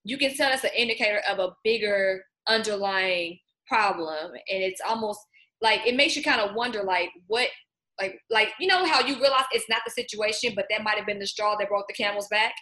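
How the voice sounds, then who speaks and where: Female host, bright tone, meandering and chatty. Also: medium pitch, fairly quick. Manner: rambling, searching for words. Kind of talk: casual interview chat.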